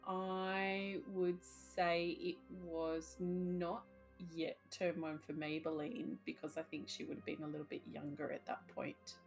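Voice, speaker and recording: A woman's voice: fairly low pitch, a little slow, creaky. Giggly woman player with faint music. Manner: giggly, animated. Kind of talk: tabletop role-play chat, in character.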